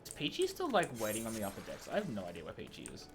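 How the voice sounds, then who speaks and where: A man's voice: on the low side, huge pitch swings, rapid-fire, over music. A man streaming a game, chatting casually in a rambling, self-mocking way full of fillers. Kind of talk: casual gameplay chat.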